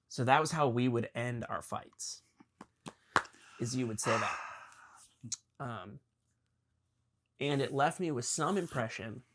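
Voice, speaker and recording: A man's voice: mid-range voice, fairly bright tone. Earnest young man, podcast host. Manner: earnest, confessional, halting with ums. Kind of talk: emotional conversation with his father.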